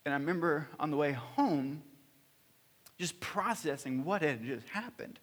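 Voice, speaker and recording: A pastor in his thirties tells sermon stories in a church hall with a fairly high, fairly bright voice, lively intonation and a measured pace. He preaches in an earnest, personal way, often restarting and using fillers.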